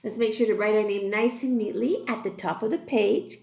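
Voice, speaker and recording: A woman teaching an online phonics class to young children, encouraging and exaggerated, speaking slowly and clearly. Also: mid-range voice, darkish tone, roomy sound. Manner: sing-song, encouraging, slow and exaggerated for small children. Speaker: kindergarten teacher.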